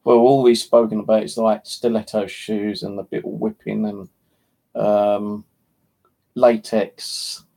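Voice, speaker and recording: Gravelly English man with a slight lisp. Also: lowish voice, level tone, unhurried, mellow. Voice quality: slight lisp from missing teeth. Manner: rambling, crude and joking. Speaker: live streamer. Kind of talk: casual live stream chat. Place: home.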